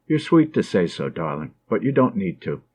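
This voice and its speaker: A man reading an audiobook, voicing a tender and anxious young woman in a soft, affectionate way. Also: low voice, big pitch swings, normal speed, husky, pitched below the performer's own voice, full character voice. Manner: soft, affectionate, gently teasing.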